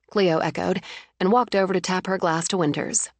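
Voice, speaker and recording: A woman reading a novel aloud as an audiobook narrator, lifting her pitch to voice the characters. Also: normal speed, no room sound.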